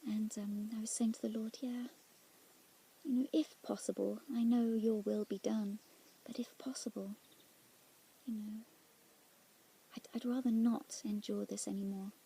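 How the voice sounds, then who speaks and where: Soft, gravelly woman, half-whispered. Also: on the high side, fairly even intonation. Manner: soft-spoken, drops often into near-whispers; halting and searching, with restarts. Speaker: Christian speaker sharing a prayer experience. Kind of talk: reflective personal testimony.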